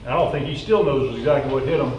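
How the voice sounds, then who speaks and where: Speaking fast in a mid-range, slightly mellow voice, a male pastor gives a relaxed, chatty sermon packed with fillers. He alternates scripture readings with his own remarks. Expect a roomy echo, faint noise, and a mic placed far away.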